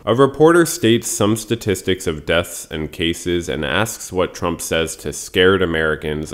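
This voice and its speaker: Low-voiced man, dry analytical commentary. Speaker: video commentator. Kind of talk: scripted commentary voice-over.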